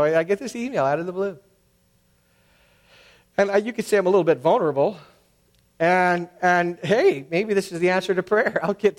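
Conversational middle-aged male pastor preaching. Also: a little high. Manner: conversational storytelling, acts out quoted voices. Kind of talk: sermon.

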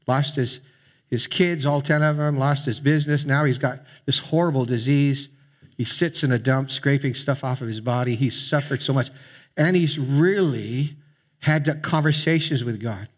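A man preaching a sermon as a pastor, speaking conversationally with frequent fillers and restarts. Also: a little high. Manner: conversational, with fillers and repeated words.

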